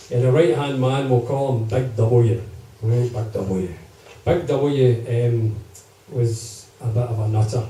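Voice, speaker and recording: A man with a warm, medium-pitched voice entertains a live gig crowd with comic stories, chatting and checking in with them. The recording picks him up from a distant mic in an echoey live room.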